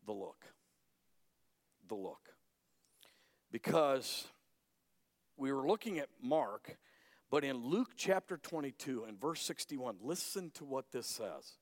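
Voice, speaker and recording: A male pastor preaching a sermon dramatically, swinging between loud emphasis and hushed lines. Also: mid-range voice, animated, a little slow. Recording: echoey hall.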